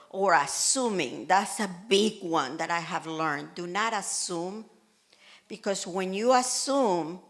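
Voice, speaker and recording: A woman pastor preaching a sermon in earnest, animated style, acting out quotes from everyday life. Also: medium pitch. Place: church hall in Malta. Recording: church service.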